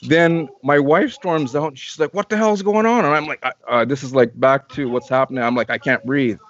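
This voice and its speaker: A man's voice: mid-range voice, fairly even intonation, a little fast, a bit bright, lo-fi sound, slight background noise. A man from Canada, a guest in an interview, tells a long personal story in casual talk, repeating and restarting phrases as he goes.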